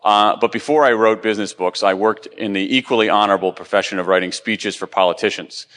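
A man's voice: lowish voice, steady tone, fast talker, a bit bright, long reverb tail. A middle-aged man giving a chatty, self-deprecating live conference talk, with many ums and restarts. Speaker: conference speaker.

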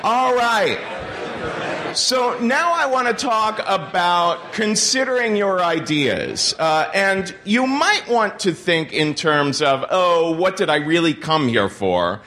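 A man's voice: sits high, big pitch swings, slow, pushed and bright. A man leading a workshop group, giving casual instructions with many fillers. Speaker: workshop facilitator.

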